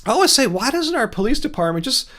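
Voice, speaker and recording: A man with a high voice chats casually on a livestream, wandering from point to point. He is from California and laughs easily as he talks with viewers. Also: sing-song, quick pace, sharp tone. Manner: rambling, chatty, laughs often, digresses. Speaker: livestream host. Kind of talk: casual livestream chat reading comments.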